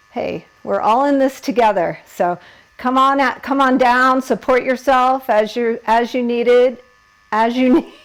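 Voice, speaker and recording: A woman's voice: fairly high pitch, low-quality recording. A woman leading a yoga class, giving encouraging instructions and laughing at herself while she holds the poses.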